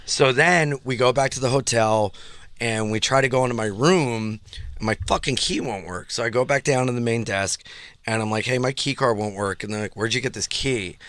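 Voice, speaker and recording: A man tells a story, lively and animated, jumping into the voices of the people he quotes and laughing along the way. The sound is dry and close, with no room around it. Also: medium pitch, normal speed, no room sound. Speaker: guest comedian telling a story. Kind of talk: casual storytelling chat.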